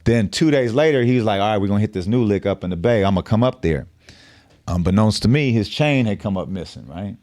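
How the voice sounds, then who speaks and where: A man's voice: on the low side, animated, fast, a little mellow, dry recording, clean studio sound. A middle-aged man telling a story on a podcast, casual and profane with street slang. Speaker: podcast guest.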